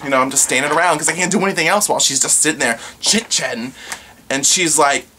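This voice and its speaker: Bright chatty man telling work stories. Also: a little high, fast talker, slight background noise. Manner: chatty, acts out customers' lines in quotes. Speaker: pizza shop worker. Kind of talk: casual storytelling vlog.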